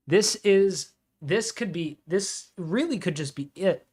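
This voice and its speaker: Excitable man commentating a football watch-along. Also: high-pitched, slow, slightly rough. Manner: excitable fan commentary, reads out scores and reacts to chat.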